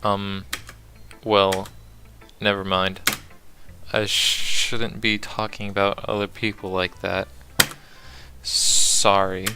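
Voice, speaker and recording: A man reading the lines of a shy, bookish teenage girl from a game, soft and polite. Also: on the low side, little pitch movement, slow, pauses often, background noise. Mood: gentle. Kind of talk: reading game dialogue aloud.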